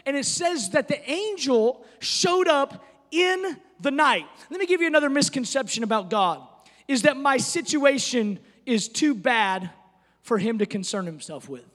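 A man's voice: very high voice, expressive, measured pace, a bit bright, long reverb tail. A man preaching a sermon as pastor, talking conversationally and telling stories, rising at times to emphatic declarations.

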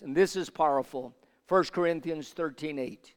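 Older guy preaching, smooth resonant voice, goes quiet then loud call-and-response, long echo in a big hall. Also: fairly high pitch, normal speed. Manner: builds from quiet teaching to shouted call-and-response. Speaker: pastor. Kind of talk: sermon.

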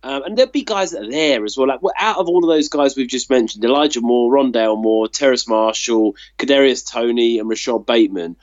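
A man's voice: mid-range voice, a little fast, few pauses, no room sound, lo-fi sound. A man co-hosting a casual sports chat, talking in loose, rambling runs full of fillers. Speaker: podcast co-host.

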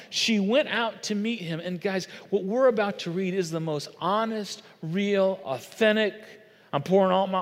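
A man's voice: high-pitched, long reverb tail. A man preaching a sermon, earnest and conversational, speaking straight to his listeners. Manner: earnest, conversational, addresses audience directly. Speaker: pastor.

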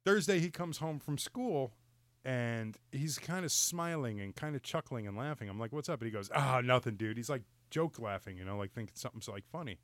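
A middle-aged man telling a story in casual podcast chat, exasperated and animated, laughing and apologizing for swearing. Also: mid-range voice, brisk, no echo.

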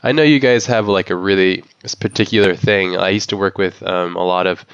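A man's voice: deep voice, fairly even intonation, fairly quick, clear, resonant tone, dry recording. An American man hosting a podcast, chatting in an easygoing, laid-back way. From United States. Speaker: podcast host. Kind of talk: casual interview chat. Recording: dull, muffled sound.

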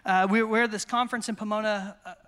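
A pastor from the United States preaches at a conference, telling stories with energy and acting out quotes as sermon storytelling. His voice is high, fast, clear and resonant, carrying through a large conference hall.

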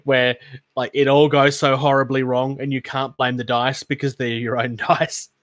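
On this tabletop gaming podcast, an Australian co-host talks at a moderate pace in a flat, medium-pitched, slightly bright voice with no room sound. He rambles, jokes at his own expense, and laughs a lot.

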